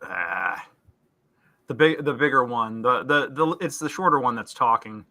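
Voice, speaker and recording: Bright-voiced man running a tabletop game. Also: mid-range voice, lively intonation, a little slow. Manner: descriptive, with frequent fillers and restarts. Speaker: game master.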